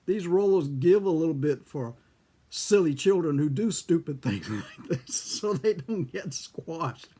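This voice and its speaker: A man's voice: a little high, sing-song, slow, few pauses, husky, pitched above the performer's own voice, heavily acted. A man voicing a stern but kindly old grandmother who scolds a noisy boy. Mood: amused. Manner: scolding, no-nonsense.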